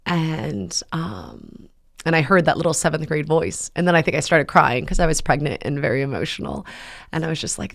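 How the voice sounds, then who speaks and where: A woman in her thirties hosting a faith talk, telling a personal story in a rambling, heartfelt way with many pauses and fillers. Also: low-pitched, sing-song, creaky. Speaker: podcast host. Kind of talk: casual personal testimony.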